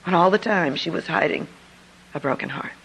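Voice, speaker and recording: A middle-aged woman, an author and speaker, telling a personal story to an audience in an earnest, confiding way with lively emphasis. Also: lowish voice, a little fast, vocal fry, a little hiss or hum, poor audio. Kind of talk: storytelling speech.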